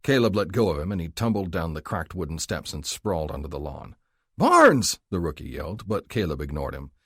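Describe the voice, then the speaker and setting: A man narrating a romance audiobook in an expressive, measured reading style. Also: extremely low pitch, slightly rough, no echo, clean studio sound. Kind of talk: scripted narration.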